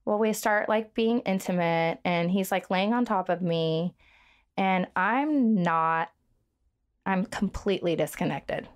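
A woman guest on a podcast recounts a personal story in an earnest, shaken way. She pauses often, restarts her sentences and leans heavily on fillers. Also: lowish voice. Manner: halting, full of "like" fillers and restarts.

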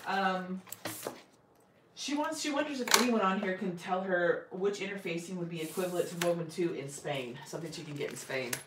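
A woman's voice: on the low side, fairly quick. Teasing woman reading comments from across a room. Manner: reads out comments, dry teasing. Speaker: co-host reading viewer questions. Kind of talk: casual chat. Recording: distant mic in an echoey, noisy room.

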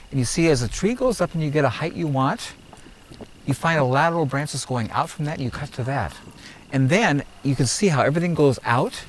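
A man's voice: on the high side, lively intonation, fairly quick, a little hiss or hum, low-quality recording. A man guiding a group through a garden outdoors, teaching in an emphatic, preachy way and repeating his points. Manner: emphatic and preachy, repeats phrases, asks "are you hearing me?". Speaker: gardener leading a garden tour.

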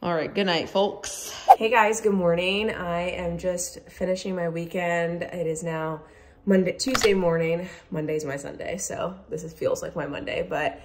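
A young woman talking casually to the camera for her vlog, chatty and excitable, full of fillers. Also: fairly low pitch, measured pace, background noise. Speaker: vlogger.

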